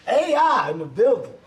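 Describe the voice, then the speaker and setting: Hyped, high-pitched man hosting with jokes. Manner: hyped, joking, laughing through lines. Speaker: host. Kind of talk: excited show intro and chat.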